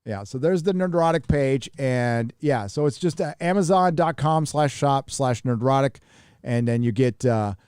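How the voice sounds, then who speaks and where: A man's voice: mid-range voice, animated, moderate pace, a little mellow, smooth, no echo, studio quality. A man hosting a live stream, chatting casually and reading out viewer donations in a rambling, profane way. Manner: rambling, profane, reads chat donations aloud.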